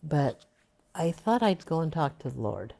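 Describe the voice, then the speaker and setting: A woman's voice: deep voice, sing-song, a little slow, creaky, mellow. An older woman being interviewed for an oral history, reminiscing in a rambling way with many fillers.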